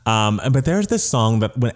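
A man's voice: medium pitch, big pitch swings. A man co-hosting a casual podcast, chatty and giggly, gushing about things he loves. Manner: chatty, giggly, quick to gush. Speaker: podcast co-host. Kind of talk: casual chat.

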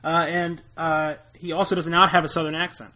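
A man's voice: fairly high pitch, little pitch movement, a little fast, sharp tone. A young American man co-hosting a podcast, chatting casually about movies with a rambling, jokey manner and frequent laughs. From United States. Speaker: podcast co-host.

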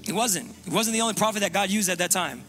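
Pastor guy preaching, high forceful voice, repeats himself a lot, soft music under it. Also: racing. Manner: impassioned, repetitive, swings between loud urging and hushed low tones. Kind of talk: sermon.

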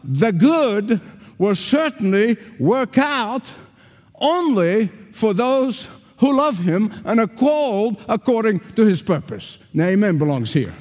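An older male pastor preaching with a high, lively voice that rises and falls dramatically. He hammers points through repetition and asks the congregation to answer back. His voice rings through a large church with a long reverb. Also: slow pace. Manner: emphatic, repetitive preaching with call-and-response. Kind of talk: sermon. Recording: reverberant hall.

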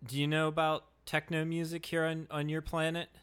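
A man's voice: fairly high pitch, completely flat delivery, brisk, a bit bright, clear, resonant tone. A man hosting a podcast and acting in an improvised comedy skit, talking in a rambling, hesitant way. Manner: hesitant and rambling, with many restarts and fillers. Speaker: podcast host.

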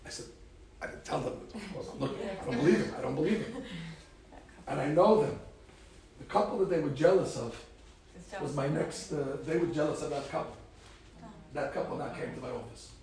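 A man's voice: on the high side, brisk, heavy reverb, distant mic, crowd noise, low-quality recording. A man, a rabbi, telling stories in a talk to a group of girls and acting out the people he quotes.

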